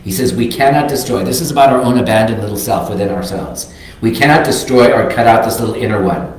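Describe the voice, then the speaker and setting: A man's voice: on the low side, animated, quick pace. An older man giving a reflective, earnest sermon as a minister, reading quotes aloud. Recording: very echoey sanctuary.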